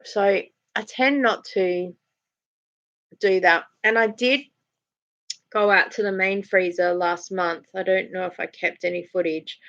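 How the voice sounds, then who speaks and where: Australian woman, 40s, chatty and laughing, bright voice, slightly dull recording. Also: medium pitch, fairly even intonation, measured pace, no room sound. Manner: chatty storytelling, laughs often, acts out voices. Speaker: live-stream host. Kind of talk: casual live chat.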